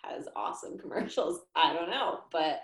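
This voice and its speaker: Chatty woman, lively pitch. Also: normal speed, echoey room, a crowd in the background, rough recording. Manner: chatty, laughs often. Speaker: podcast guest. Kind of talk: casual chat.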